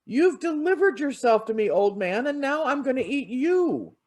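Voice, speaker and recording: A huge, boastful male monster from a told fable, voiced by a minister. The voice sits high and grows shrill and panicky when frightened. It is delivered live from the pulpit as part of a sermon. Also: very animated, moderate pace, darkish tone.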